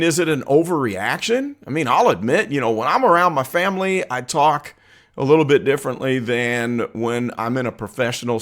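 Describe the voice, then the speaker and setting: A man's voice: on the high side, a bit bright. A man hosting a political commentary channel, talking casually and chattily to viewers, asking for their opinions and laughing easily.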